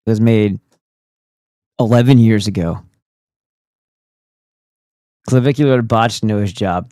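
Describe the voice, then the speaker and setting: A man's voice: on the low side, slow pace, pauses often, dark tone, no echo. A man hosting a casual livestream, talking in a goofy, profane and rambling way. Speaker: streamer host.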